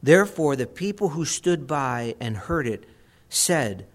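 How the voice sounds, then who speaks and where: A man teaching through scripture verse by verse in a measured, reflective manner, repeating phrases for emphasis. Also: on the high side, sing-song. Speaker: Bible teacher.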